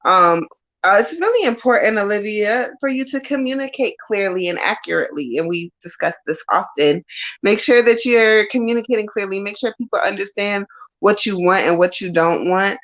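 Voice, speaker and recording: A woman's voice: mid-range voice, animated, moderate pace, fairly bright tone. Lo-fi frank chatty woman reader. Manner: frank, chatty, laughs and curses freely. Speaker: psychic reader. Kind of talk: casual live-stream chat and tarot reading. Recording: dull lo-fi stream audio.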